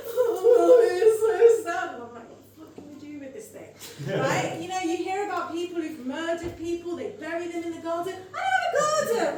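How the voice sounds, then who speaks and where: A middle-aged woman doing an animated, swearing stand-up set on a club stage. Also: high-pitched, far from the mic, a little hiss or hum. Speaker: stand-up comedian. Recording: echoey venue mic, audience laughter.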